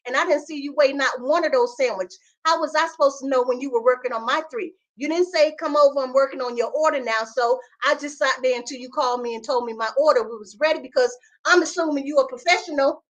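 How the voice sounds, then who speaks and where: Brief: woman podcast co-host, high voice, emphatic and indignant, repeats herself for effect. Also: fast talker, few pauses. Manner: emphatic, indignant storytelling with lots of repetition. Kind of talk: casual chat, storytelling.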